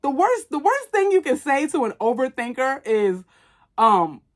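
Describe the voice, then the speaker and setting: A woman's voice: high-pitched, sing-song, normal speed. Blunt, chatty woman podcast host. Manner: chatty, blunt and profane, with many "like" fillers. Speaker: podcast host reviewing a movie. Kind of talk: casual candid commentary.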